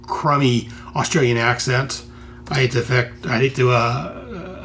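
A man's voice: mid-range voice, a bit bright, slight background noise. An American man hosting a podcast, talking through a comic enthusiastically with lots of rambling and restarts. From United States. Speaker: podcast host reviewing comics. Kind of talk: casual solo commentary.

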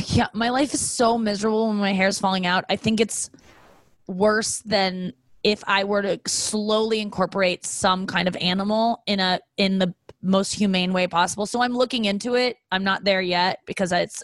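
A young woman co-hosting a podcast in casual chat, telling stories and acting out quotes in a high voice. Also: moderate pace, dry recording. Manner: animated storyteller, acts out quotes in a high voice. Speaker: podcast co-host.

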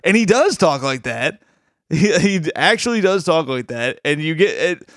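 A man's voice: on the high side, very animated, normal speed, a bit bright, dry recording, studio quality. A man co-hosting a podcast, talking casually and enthusiastically, rambling with frequent restarts. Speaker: podcast co-host.

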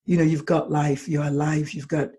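Author lady chatting in an interview, husky mellow voice, gets animated. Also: sits low, moderate pace. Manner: animated, acts out dialogue in lively voices. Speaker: author guest. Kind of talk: conversational interview answer.

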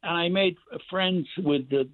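An older man telling rambling, animated stories as a guest actor, with many restarts. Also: high voice, a little slow. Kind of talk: casual storytelling interview. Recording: tinny phone line, dry.

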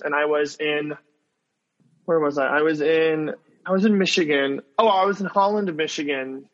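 A man's voice: a little high, a bit bright. Rambling young man on a muffled call. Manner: rambling, heavy "like" fillers. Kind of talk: casual video call chat. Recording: dull lo-fi call audio.

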